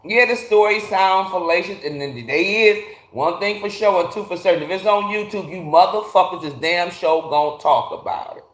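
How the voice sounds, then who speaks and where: A man's voice: high voice, moderate pace, few pauses, a bit bright. Profane, ranting man in an echoey garage. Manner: blunt, profane ranting, greeting chatters by name. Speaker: livestream host. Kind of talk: casual livestream chat with viewers.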